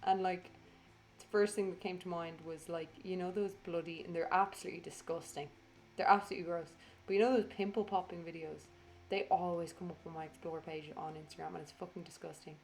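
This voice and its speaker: A woman's voice: lowish voice, fairly even intonation, brisk, darkish tone, a little hiss or hum. A woman chatting through a casual voiceover for her craft video. She says she is tired, rambles, swears freely and teases herself.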